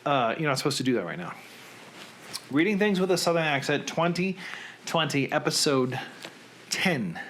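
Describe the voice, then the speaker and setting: A man's voice: fairly high pitch, expressive, normal speed, long pauses, fairly bright tone, slight background noise. A man in his thirties hosting a casual, rambling chat from home, joking at his own expense. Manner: rambling, self-deprecating. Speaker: host.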